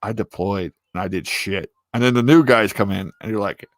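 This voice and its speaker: A man's voice: lowish voice, moderate pace, dry recording. A man hosting a casual chat with friends, crude and teasing, who laughs a lot and acts out mocking voices. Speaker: streamer host.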